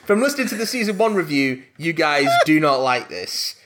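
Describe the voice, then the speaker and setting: A young man co-hosting a casual comedy podcast, reading listener emails aloud in an excitable, sweary, giggly way. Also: fairly high pitch, normal speed.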